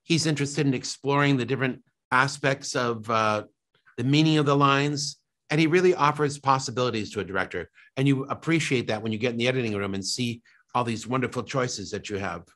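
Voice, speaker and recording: A male film director answers a press question in measured, considered sentences, at an ordinary middle pitch. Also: fairly bright tone. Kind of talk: press interview.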